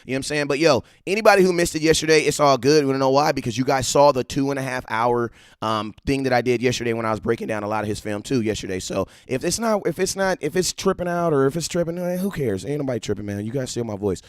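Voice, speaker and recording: A man hosting a casual live-stream about football, animated and slangy, repeating himself and breaking into excited shouts. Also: mid-range voice, fast, few pauses, dry recording, clean studio sound. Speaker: live-stream sports talk host.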